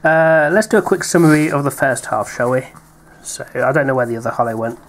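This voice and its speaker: Here a British co-host with a brisk, mid-range voice rips open card packs in a casual unboxing chat. He keeps it playful, calling out each name with small laughs.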